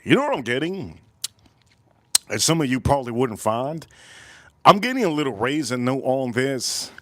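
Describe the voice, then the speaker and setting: A man hosts a whiskey tasting livestream in casual, profane chat. He rambles, repeats phrases and breaks into sudden loud bursts. His voice is mid-pitched and sits dry and close to the mic. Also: big pitch swings, moderate pace, no echo. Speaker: whiskey reviewer and livestream host.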